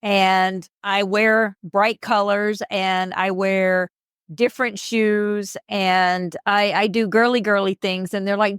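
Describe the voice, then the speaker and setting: A woman with a Southern US accent, co-hosting a podcast in casual, animated chat. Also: medium pitch, moderate pace, clean tone, no echo, studio quality. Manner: chatty, animated storyteller with emphatic asides. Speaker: podcast co-host.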